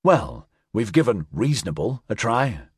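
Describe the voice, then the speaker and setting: A man voicing a cold, smug male company official in an audiobook, speaking slowly and condescendingly. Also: on the low side, big pitch swings, slightly rough, dry recording, studio quality, full character voice.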